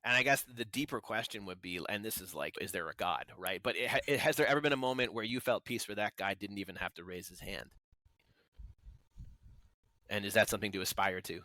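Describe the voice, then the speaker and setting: A man's voice: on the low side, brisk, bright, forceful tone, no echo. A man hosting a podcast interview, asking reflective, probing questions. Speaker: podcast host. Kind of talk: conversational interview.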